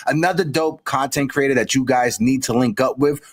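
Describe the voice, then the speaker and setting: A man hosting a casual live-stream sports chat, giving shout-outs, repeating himself and greeting guests. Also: medium pitch, fairly quick. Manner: hypes people up, shout-outs, repeats phrases. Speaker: host.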